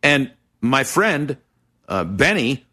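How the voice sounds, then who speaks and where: Bright-voiced joking man. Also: medium pitch, big pitch swings, takes it slowly. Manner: joking, crude humor. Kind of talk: casual storytelling chat.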